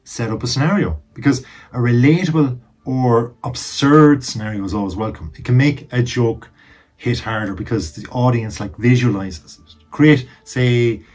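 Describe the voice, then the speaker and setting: A man's voice: medium pitch, moderate pace, a little mellow. A man casually giving advice on telling jokes to camera, chatty and emphatic, dropping jokey asides while seated indoors.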